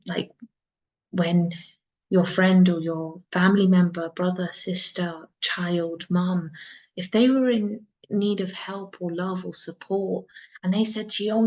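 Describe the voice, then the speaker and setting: A woman mentor talking in an earnest, reflective monologue, soft-spoken and repeating phrases for emphasis. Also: lowish voice. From England. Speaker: soul mentor. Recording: dull lo-fi sound.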